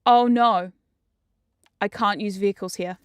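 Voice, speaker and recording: A woman giving casual game commentary as a streamer. She gets excitable, swears often and jumps into squeals. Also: medium pitch, unhurried, clean tone, no echo. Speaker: VTuber streamer.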